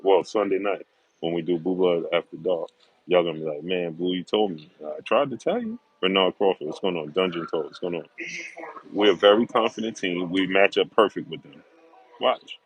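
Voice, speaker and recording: A man's voice: sits low, slightly rough, poor audio. A middle-aged man hosting a sports livestream, greeting viewers by name and making confident, emphatic predictions, repeating himself for stress. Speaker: sports talk show host.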